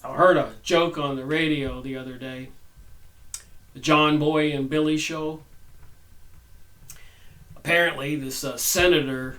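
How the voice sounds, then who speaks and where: A man's voice: on the high side, a bit bright, distant mic, low-quality recording. A man hosting a book review, reading passages aloud and adding his own conversational, rambling asides. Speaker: channel host reviewing a book.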